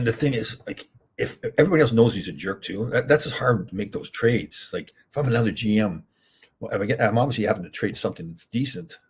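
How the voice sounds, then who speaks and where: An older man with a low, slightly husky voice hosts a casual live chat. He answers viewer questions in a relaxed, rambling way, thinking aloud as he goes.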